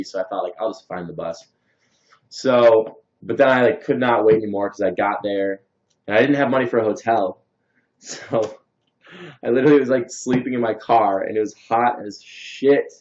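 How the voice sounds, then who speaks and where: A man's voice: fairly low pitch, a little mellow. A young man casually rambling through a story and reading out viewer comments on a livestream, with lots of fillers. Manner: answers viewer comments and thanks them. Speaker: livestream host. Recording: dull lo-fi stream audio.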